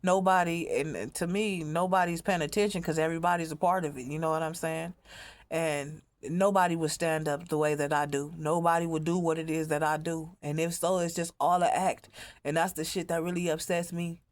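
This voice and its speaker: A woman's voice: sits low, fairly even intonation, brisk. A woman speaking in a rambling, profane monologue as a mother telling her own story, often repeating herself. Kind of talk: emotional monologue to camera.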